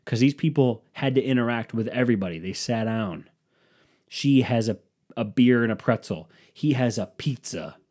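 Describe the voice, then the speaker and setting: A man casually telling a profane, sarcastic story and acting out what others said in quick impressions. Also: medium pitch, lively intonation, darkish tone. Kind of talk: casual storytelling with acted-out quotes.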